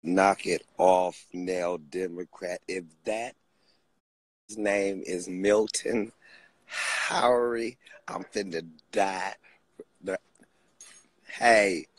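A man comedian delivering a comic rant, swinging between loud bursts and low asides with preacher-like repeated appeals. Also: fairly even intonation, slow.

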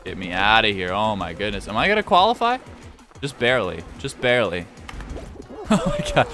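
A man's voice: mid-range voice, wildly swooping pitch, fast talker, fairly bright tone, faint music behind. A young man streaming a game, chatting casually with viewers, joking and swearing freely. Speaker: gaming streamer. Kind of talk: casual live-stream commentary.

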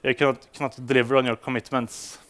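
A man presents to developers in English, his second language after Swedish, hesitating with many fillers and restarts. His delivery is flat and fast, in a mid-range, slightly bright voice.

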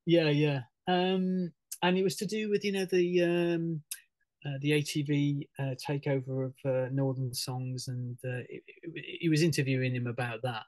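A man, a musician guest on a radio interview, talking casually in a halting way, full of fillers and restarts, with frequent laughs. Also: on the high side, steady tone, a little mellow, no echo, rough recording. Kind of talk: casual radio interview over a video call.

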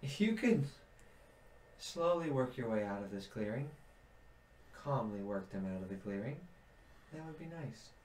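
A man voicing a gentle, easily confused young woman companion in a tabletop game. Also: mid-range voice, very animated, unhurried, long pauses, a little hiss or hum. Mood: coaxing. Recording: roomy echo.

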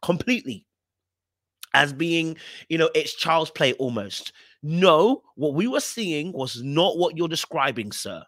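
Emphatic British man, lively pitch. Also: a little slow, no room sound, studio quality. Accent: British English. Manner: emphatic, repetitive, lecturing. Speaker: podcast host reviewing reality TV clips. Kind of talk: commentary on video clips.

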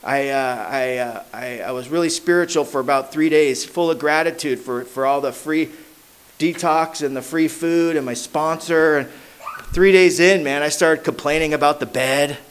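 Man, 30s or older, a bit high-pitched, casual slangy storyteller at a recovery meeting who softens at the heavy moments. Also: normal speed, clear, resonant tone. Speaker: AA meeting speaker. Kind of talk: personal recovery story told to a crowd. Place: meeting hall.

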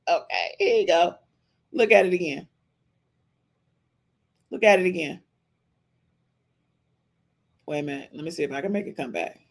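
A woman's voice: on the low side, expressive, normal speed, long pauses. Chatty emphatic woman podcast host. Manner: emphatic and chatty, keeps adding "okay?". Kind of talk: casual reaction commentary on a livestream.

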